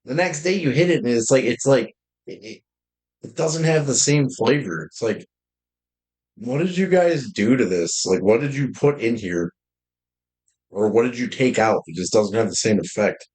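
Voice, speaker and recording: A man streaming games in casual chat, talking in a deep, slightly loud voice and rambling with lots of fillers and restarts. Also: animated, moderate pace, poor audio. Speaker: game streamer.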